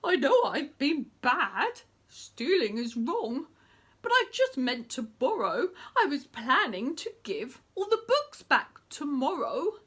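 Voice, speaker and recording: A woman's voice: high-pitched, sing-song, slow, fairly bright tone, full character voice. A woman reading aloud and voicing a remorseful male book thief who sniffles as he apologises in a storybook. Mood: apologetic. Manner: apologetic, pleading.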